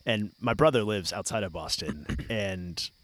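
A man's voice: fairly low pitch, unhurried. A man from Connecticut co-hosting a casual chat, teasing and asking questions. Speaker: podcast co-host.

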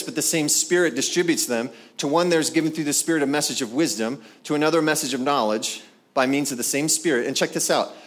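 A man preaching a sermon, animated and conversational, acting out scripture scenes with playful voices. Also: fairly high pitch. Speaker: pastor.

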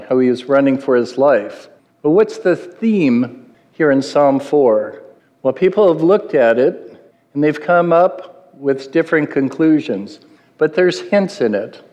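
A man's voice: medium pitch, a little mellow. Earnest man preaching in a reverberant hall. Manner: earnest, asks the listeners questions. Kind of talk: sermon teaching.

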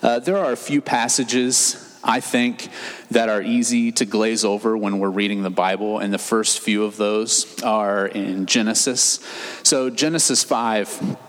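A man speaking as a pastor, giving a measured, explanatory sermon. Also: lowish voice, fairly even intonation. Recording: reverberant hall.

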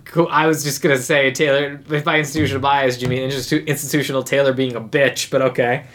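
A man's voice: medium pitch, little pitch movement, fast talker, a bit bright. Rambling, jokey young male podcast host. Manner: rambling, jokey, acts out characters' lines. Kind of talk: casual chat recapping a movie.

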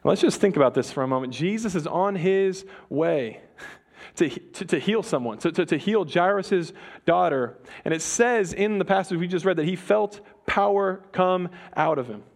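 High-voiced male preacher. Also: lively intonation. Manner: storytelling, with dramatic pauses and humor. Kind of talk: sermon.

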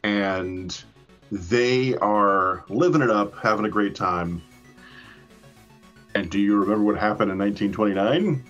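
A man co-hosting a casual chat, laid-back as he pitches ideas. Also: a little slow, a bit bright, lo-fi sound, faint music behind. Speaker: podcast co-host.

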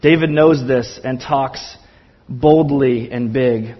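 A man's voice: mid-range voice, takes it slowly, dull audio. Man preaching earnestly in a sermon. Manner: earnest, impassioned preaching with emphatic repetition. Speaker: pastor.

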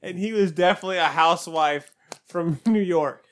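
A man chatting with friends, teasing them with quick comebacks. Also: high-pitched, clean tone. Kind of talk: casual chat among friends.

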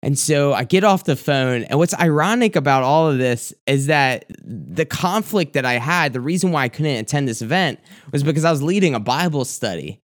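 A man's voice: fairly high pitch, lively intonation, normal speed. Candid young man telling a confessional story. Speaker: youth pastor. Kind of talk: personal testimony in a sermon.

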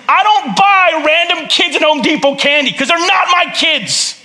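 During a church service, a pastor with a very high voice preaches a sermon that is conversational and full of jokes. He is animated yet keeps a measured pace, swinging between loud bursts and hushed, earnest tones.

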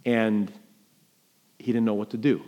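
A man's voice: lowish voice, flat delivery, measured pace, highs cut off. Emotional middle-aged man preaching. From New York. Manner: emotional storytelling with sharp swings between loud emphasis and quiet. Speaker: pastor. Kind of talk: sermon.

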